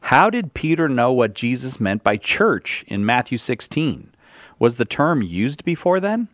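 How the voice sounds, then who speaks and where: A man's voice: mid-range voice, big pitch swings, unhurried, fairly bright tone, no room sound, clean studio sound. A man hosting a call-in radio show, reading listener questions and joking with his guest, laughing often. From United States. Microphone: studio microphone.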